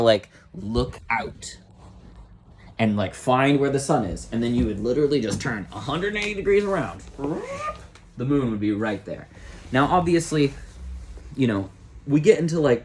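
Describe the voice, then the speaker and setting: A young man, an astrologer, chatting casually on a live stream, rambling and joking to himself as he reads a chart. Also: medium pitch. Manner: rambling, self-talking, jokey.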